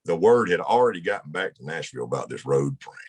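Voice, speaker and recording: A man's voice: sits low, sing-song, fast talker, breathy edge. A man from Mississippi, telling a rambling, folksy road story in a casual chat. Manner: folksy, rambling anecdote with laughs. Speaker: guest musician.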